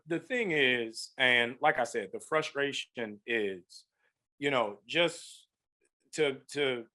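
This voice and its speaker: Man, american actor guest, animated, jokey, bright forceful voice, a bit high. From United States. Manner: animated, joking, laughs at his own lines. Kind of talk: casual interview talk.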